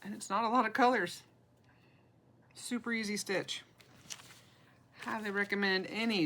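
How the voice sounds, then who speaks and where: A woman's voice: mid-range voice, normal speed, pauses often, fairly bright tone, slight background noise, rough recording. A woman, chatting casually and self-deprecatingly as she shows her cross-stitch projects, laughing often. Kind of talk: casual show-and-tell chat.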